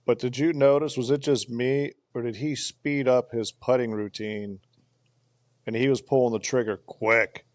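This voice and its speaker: A man's voice: mid-range voice, fairly even intonation, normal speed, dry recording. A man co-hosting a podcast in casual chat, talking in a chatty way and running through lists of picks. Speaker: podcast co-host.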